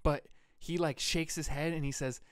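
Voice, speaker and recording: A man from Vermont co-hosting a podcast, telling stories in a rambling, relaxed way with lots of fillers. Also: fairly high pitch, normal speed, smooth, no echo, clean studio sound. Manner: rambling, laid-back storyteller with fillers. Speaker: podcast co-host. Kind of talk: casual storytelling chat.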